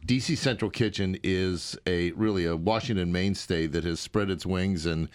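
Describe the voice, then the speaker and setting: A man's voice: deep voice, moderate pace, clean tone. A man co-hosting a radio food show, casual and joking, with playful asides.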